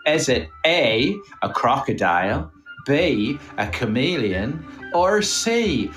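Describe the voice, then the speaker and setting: A man co-hosting a comedy podcast, running a quiz in a put-on Irish accent with teasing, drawn-out quizmaster patter. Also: medium pitch, very animated, a bit bright, faint music behind. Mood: mock-grand. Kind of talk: mock Irish quiz-host voice.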